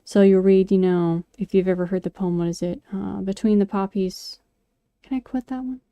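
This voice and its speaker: A woman's voice: medium pitch, brisk, dark tone, clear, resonant tone, no room sound. A woman vlogger chatting casually and rambling, with many fillers and restarts. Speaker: craft and poetry vlogger. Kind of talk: casual chat while sculpting.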